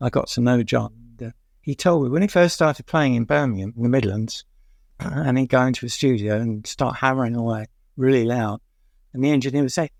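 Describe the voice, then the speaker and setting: Older English music writer, gravelly, dry close mic, rambling anecdotes with fillers. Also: male voice, medium pitch, a little fast, darkish tone, dry recording. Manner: rambling, many "uh" fillers, chuckles at his own stories. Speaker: music journalist guest. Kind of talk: anecdotal interview storytelling.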